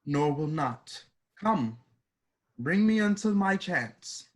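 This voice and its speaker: A man reading the part of a proud, boastful prince in an amateur play reading, declaiming verse in a measured way. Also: fairly high pitch, lively intonation. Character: proud boastful foreign prince, male adult.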